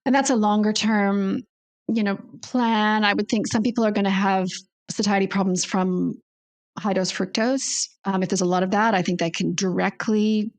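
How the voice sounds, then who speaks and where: A woman's voice: mid-range voice, steady tone, moderate pace. A woman guest, a naturopathic doctor, explaining at length in a conversational interview, often restarting and thinking aloud.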